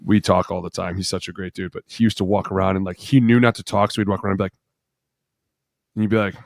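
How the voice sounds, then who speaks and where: A man in his thirties, a former football player co-hosting a podcast, telling loud, profane locker-room stories and acting out the voices. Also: low-pitched, level tone, quick pace, vocal fry, no echo, studio quality. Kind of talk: casual chat.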